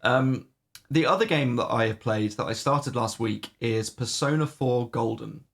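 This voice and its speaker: A man's voice: medium pitch, unhurried, creaky, fairly bright tone. A man co-hosting a podcast, casually reviewing games with lots of ums and the odd swear. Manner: rambling, many "um"s, swears casually. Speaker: podcast co-host. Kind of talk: casual game review chat.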